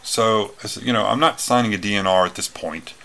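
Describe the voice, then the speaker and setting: A man's voice: lowish voice, brisk, creaky, sharp tone. A man telling a personal story in a casual talk, rambling with many fillers and restarts. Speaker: retreat speaker.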